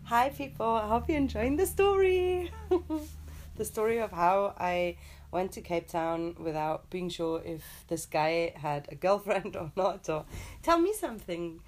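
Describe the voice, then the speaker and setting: A woman's voice: medium pitch, expressive, measured pace, a little mellow. A young woman from Germany, telling a story in casual chat with her partner, laughing often. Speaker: co-host.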